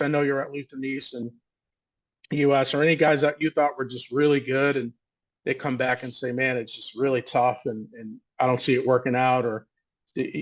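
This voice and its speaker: A man's voice: mid-range voice, rough recording. A man hosting a casual interview, asking long, searching questions in a conversational way. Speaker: interview host.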